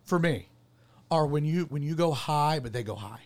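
Earnest and a bit rambling, a male podcast host tells a personal story during a casual chat, frequently backing up to correct himself. His voice is a little high and expressive, at a moderate pace.

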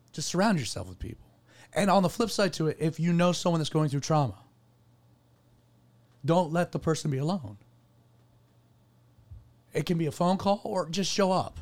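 With a darkish voice that sits on the high side, a man hosts a podcast and shares a personal story. It comes out earnest and meandering, with frequent restarts as he corrects himself in the casual conversation.

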